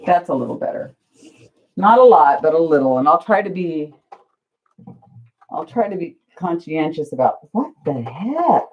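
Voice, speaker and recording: A low-voiced woman chats her way through a crafting livestream, her pitch bouncing lively up and down. She is flustered and pokes fun at herself as she talks to viewers. The audio is dull and lo-fi. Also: moderate pace, pauses often. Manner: flustered, chatty, self-deprecating, talks to viewers. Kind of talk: casual livestream chat while crafting.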